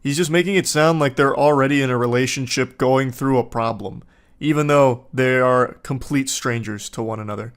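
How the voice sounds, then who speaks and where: A male commentator with a middle-pitched voice riffs sarcastically through casual reaction commentary. His delivery is dry and deadpan, and he swears freely. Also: brisk. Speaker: online commentator reacting to texts.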